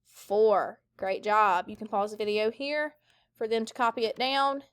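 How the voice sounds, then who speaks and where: A woman teacher giving a recorded phonics lesson, sounding out words clearly in call-and-response drills for the class. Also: mid-range voice, unhurried.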